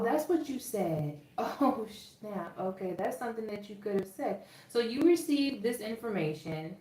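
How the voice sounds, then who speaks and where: A woman's voice: mid-range voice, darkish tone, slight background noise. Chatty Southern woman reading tarot. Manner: chatty, emphatic, checks in with "okay?" often. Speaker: tarot reader. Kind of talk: casual tarot reading to viewers. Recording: roomy echo, distant from the mic.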